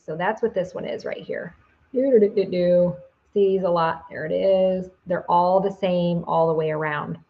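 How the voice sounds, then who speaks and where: A woman's voice: lowish voice, a little mellow. Chatty woman teaching, lo-fi sound. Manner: chatty, with many fillers and restarts. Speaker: psychic teacher. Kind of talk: casual video lesson.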